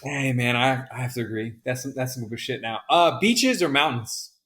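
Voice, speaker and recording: A man's voice: mid-range voice, expressive, moderate pace, pushed and bright. A man co-hosting a podcast in casual chat, joking and swearing freely. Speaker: podcast co-host.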